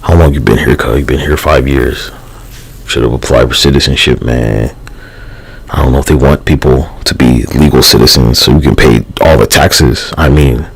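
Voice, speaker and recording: A man's voice: a bass voice, slightly rough, low-quality recording. A man live streaming, rambling loosely in a casual, profane, slangy way. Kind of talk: rambling casual livestream talk.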